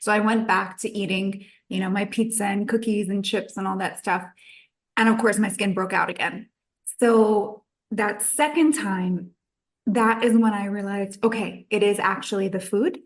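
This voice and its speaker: A woman's voice: medium pitch, steady tone, moderate pace. A woman in her thirties, a nutritionist guest on a podcast, telling her own story in a chatty way and acting out her past thoughts.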